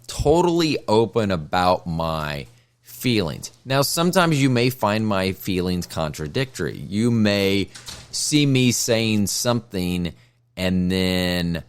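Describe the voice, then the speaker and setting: A man's voice: lowish voice, clean tone. A man hosting a casual solo podcast, talking in a blunt, sardonic way as he tells stories about his life. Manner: blunt, sardonic, lively storytelling. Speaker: podcast host.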